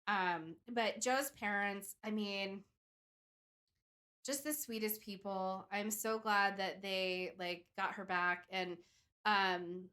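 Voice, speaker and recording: Bright-voiced young woman telling a story. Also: medium pitch, steady tone, slow. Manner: chatty storytelling, many "like" and "um". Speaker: podcast co-host telling the case. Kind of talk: casual chat.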